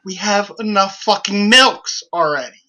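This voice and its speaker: A man co-hosting a casual chat show, telling stories in an animated way, his voice jumping up on punchlines and full of swearing. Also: measured pace. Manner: animated storyteller, rising pitch on punchlines, heavy swearing. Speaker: podcast co-host.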